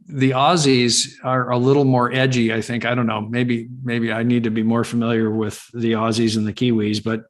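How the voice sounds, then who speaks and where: A man from California hosts a live webinar over a video call. His voice sits at an ordinary middle pitch. He talks in a loose, rambling way, full of "um"s and restarts. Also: monotone, normal speed, few pauses. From California, USA. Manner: rambling and chatty, with frequent fillers and restarts. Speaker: webinar host. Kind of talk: casual live webinar chat.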